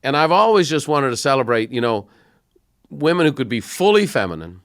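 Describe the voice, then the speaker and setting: A middle-aged man hosting an interview podcast, telling stories in a conversational, animated way. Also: medium pitch, fairly quick, no echo, studio quality. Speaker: podcast host.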